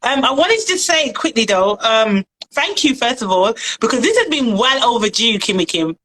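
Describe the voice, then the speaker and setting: A woman's voice: fairly high pitch, big pitch swings, normal speed, fairly bright tone, poor audio. A British woman hosting a casual live-stream chat, talking in a chatty, effusive, slangy way. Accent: British English. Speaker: host.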